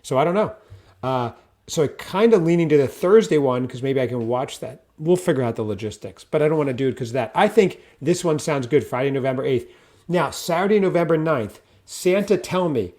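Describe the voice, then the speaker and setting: A man's voice: fairly high pitch, animated, a little fast, a little mellow. A man co-hosting a casual podcast, chatty and talkative, reading film blurbs aloud. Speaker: podcast co-host. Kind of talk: casual chat.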